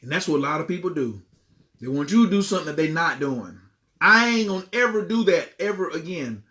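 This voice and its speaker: A man, a life coach and healer, talking casually to viewers in a livestream monologue, animated and slangy and often repeating himself. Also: a little high, a little fast.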